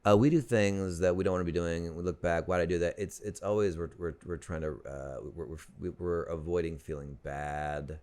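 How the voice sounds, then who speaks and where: Man, very low voice, smooth, deadpan, dry teasing, podcast guest. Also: a little fast, few pauses. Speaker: comedian guest. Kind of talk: casual comedic chat. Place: podcast studio.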